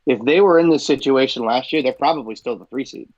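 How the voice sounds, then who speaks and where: A man's voice: mid-range voice, fast, a little mellow, muffled recording. A man co-hosting a sports talk show, arguing back with hedges and lots of "I mean.". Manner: hedging, full of "I mean". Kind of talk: sports debate.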